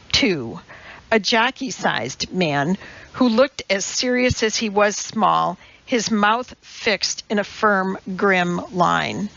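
A woman reads a novel aloud at a slow, unhurried pace, her voice carrying a gravelly creak. Her storytelling is measured and even. The recording has a slightly muffled, dull quality. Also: medium pitch. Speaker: audiobook narrator. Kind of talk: scripted narration.

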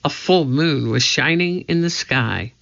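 A woman reading a children's storybook aloud in a measured, deliberate way, in a slightly dull lo-fi recording. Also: low voice, expressive, vocal fry, fairly bright tone. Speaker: audiobook reader.

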